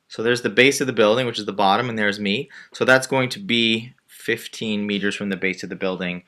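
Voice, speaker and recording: A man's voice: lowish voice, steady tone, normal speed, bright, forceful tone. A male math teacher patiently walking through a word problem step by step while drawing a diagram. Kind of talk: screen-recorded math lesson.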